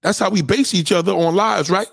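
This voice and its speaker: A high-pitched, husky man rants on a podcast. He is loud, preachy and keeps repeating his points, and his pitch jumps all over. The mic is close and dry. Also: brisk, no echo. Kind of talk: profane ranting commentary.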